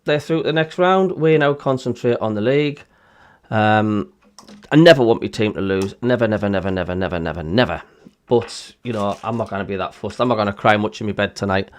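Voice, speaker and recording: A man's voice: fairly low pitch, brisk. A man with a Sunderland (Mackem) accent hosting a live football stream, chatting casually and reading out viewer comments with lots of ums. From Northeast England. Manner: chatty, plain-spoken, many ums. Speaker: host of a football watchalong stream.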